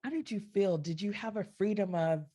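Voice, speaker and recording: A woman hosting a podcast interview, asking drawn-out questions and affirming her guest often. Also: mid-range voice, mellow. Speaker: podcast host.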